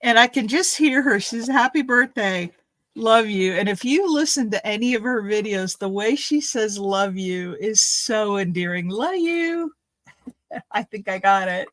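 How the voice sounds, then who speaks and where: A woman's voice: medium pitch, moderate pace, hardly any pauses, a bit bright, no echo, poor audio. A woman making a craft video, chatting in a rambling, thinking-aloud way as she opens gifts at home. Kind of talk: casual chatty unboxing.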